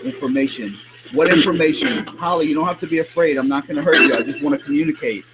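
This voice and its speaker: A man hosting a live paranormal stream, coaxing spirits gently and asking the same questions over and over. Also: a little high, fast talker. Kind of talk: live spirit-box session. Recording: loud background noise.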